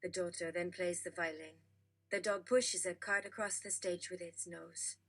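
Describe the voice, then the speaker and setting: A woman reading jokes aloud in a brisk, matter-of-fact narrating manner. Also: lowish voice, steady tone, a bit bright. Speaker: joke reader.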